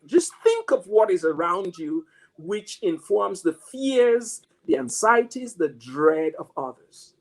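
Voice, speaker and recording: A man's voice: high voice, sing-song, slow pace, creaky. A man who teaches mathematics, giving a reflective, story-driven motivational talk with frequent restarts. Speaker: mathematics professor.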